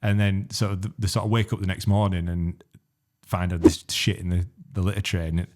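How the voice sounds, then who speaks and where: A man's voice: sits low, level tone, a little fast, a little mellow. A man, trading blunt, sweary banter and stories on a casual podcast. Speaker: podcast co-host. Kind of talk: casual chat.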